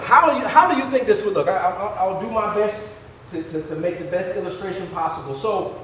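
A man preaching a fervent sermon, firing rhetorical questions and stumbling into quick restarts. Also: high voice, fairly bright tone, reverberant, a little hiss or hum.

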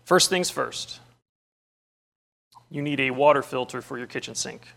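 A man's voice: medium pitch, a little slow, gravelly, fairly bright tone. A man voicing a pushy plumber who insists on selling a water filter, speaking in an insistent, dismissive way. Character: pushy male plumber with misplaced priorities.

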